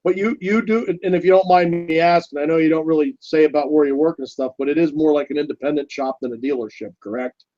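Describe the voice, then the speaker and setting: A man joins a live-stream chat, talking casually and asking friendly questions. His voice is a little high for a man. The audio sounds muffled and dull. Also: fast talker, dark tone, no echo.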